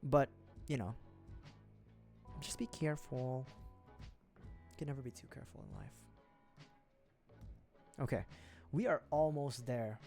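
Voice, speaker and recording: A man's voice: mid-range voice, unhurried, pauses often, darkish tone. A man from the Philippines hosts a casual livestream at his home setup. He rambles with self-interrupting asides and little jokes as he builds a model kit, and faint music plays in the background. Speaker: livestream host.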